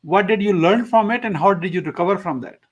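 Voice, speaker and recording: High-voiced, eager male podcast host. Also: fast talker, slightly rough, highs cut off. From USA. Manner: enthusiastic, filler-heavy, praises answers. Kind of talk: interview questions.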